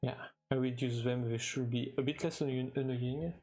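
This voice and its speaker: A man's voice: mid-range voice, fairly even intonation, warm tone. French-accented young man chatting on stream. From France. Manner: halting, with frequent restarts and fillers, chuckling now and then. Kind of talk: casual live-stream chat while gaming.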